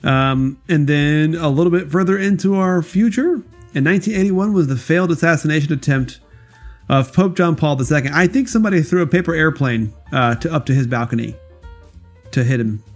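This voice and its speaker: Young man, podcast co-host, jokey banter, higher pitch, faint music behind. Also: fairly quick. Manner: jokey, laughs often. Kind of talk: casual comedic podcast banter.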